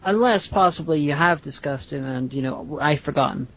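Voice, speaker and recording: A woman's voice: sits low, normal speed, fairly bright tone. A woman chats on a podcast, firing off curious questions and swearing bluntly. The sound is dull and lo-fi. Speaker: podcast co-host. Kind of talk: casual chat.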